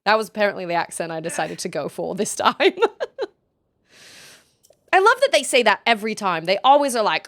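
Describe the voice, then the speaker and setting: A young woman streaming a video game, chatting playfully with quick asides. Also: mid-range voice, sing-song, fairly bright tone. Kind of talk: casual gaming stream chat.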